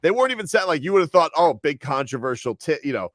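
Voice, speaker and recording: A man's voice: on the high side, sing-song, fast talker, fairly bright tone, no room sound, studio quality. A man hosting a sports radio show in chatty banter, riffing on fans with mock quotes.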